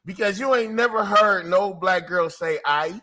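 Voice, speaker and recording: A man's voice: high voice, normal speed, sharp tone. A man co-hosting a podcast, playful and rambling as he tells stories. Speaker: podcast co-host. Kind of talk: casual chat.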